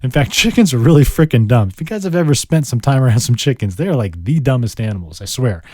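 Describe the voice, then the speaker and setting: A man's voice: medium pitch, animated, quick pace, mellow, slight background noise. A man hosting a solo vocabulary podcast, playful and chatty, drawing out words and joking at his own expense. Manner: playful, chatty, self-deprecating, draws out words. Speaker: podcast host. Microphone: studio microphone.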